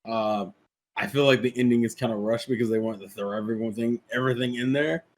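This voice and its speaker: A man's voice: medium pitch, fairly even intonation, brisk. A man co-hosting a podcast in casual chat, rambling and repeating words as he thinks. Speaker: podcast co-host.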